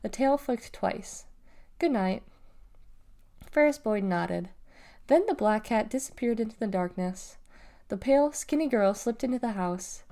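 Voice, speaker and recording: Woman narrator, children's book read-aloud, measured, warm lighter voice. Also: a little high, expressive. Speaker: storybook reader. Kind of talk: reading a children's novel aloud.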